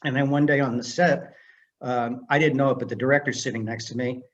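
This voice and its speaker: Older male guest, animated storyteller, mid-pitch voice, slightly dull lo-fi recording. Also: a little fast. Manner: animated storyteller who acts out dialogue. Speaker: guest, film director and screenwriter. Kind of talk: casual storytelling interview.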